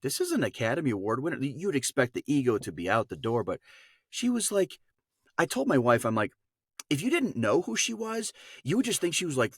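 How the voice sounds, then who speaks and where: A man, a dialect coach and podcast guest, telling a story with lively acted-out voices. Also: fairly low pitch, dry recording, studio quality. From Wisconsin. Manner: lively, acts out voices in his stories. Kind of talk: animated storytelling anecdote.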